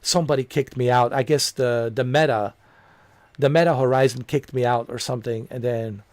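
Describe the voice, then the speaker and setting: A man's voice: medium pitch, steady tone, moderate pace, dry recording. A man who streams games, telling a long story in a loose, chatty way, full of "man", "dude" and "you know". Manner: amused, laughs at his own story. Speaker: gaming streamer. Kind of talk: casual rambling storytelling.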